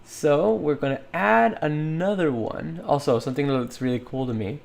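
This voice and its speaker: Vocal fry colors this man's fairly high voice, which moves at a moderate pace. Modeling in 3D software on a livestream, he chats loosely, thinks out loud and keeps laughing.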